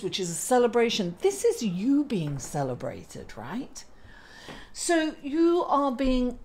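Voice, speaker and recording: A middle-aged woman gives a casual tarot reading to camera, chatty and quick to laugh at herself. She talks slowly and takes her time. Her voice sits fairly high. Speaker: astrologer and tarot reader.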